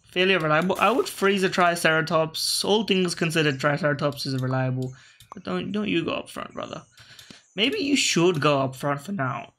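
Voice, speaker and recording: A man with a slightly high, bright and forceful voice thinks aloud through a video game match. He rambles casually, corrects himself mid-sentence and chats to his own game pieces as if they were teammates. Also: a little hiss or hum. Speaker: gaming video host. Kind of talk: casual gameplay commentary.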